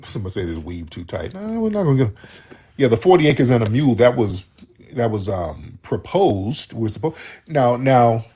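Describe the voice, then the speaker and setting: Answering callers on his talk radio show, a man speaks at a moderate pace in a mid-range, breathy voice. His on-air manner is animated, forceful and repetitive.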